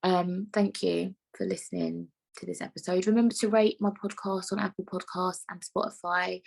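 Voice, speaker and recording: A woman's voice: on the low side, vocal fry, a little mellow. A young woman hosting her own podcast, talking frankly and rambling, with plenty of swearing. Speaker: podcast host. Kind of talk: casual solo podcast monologue.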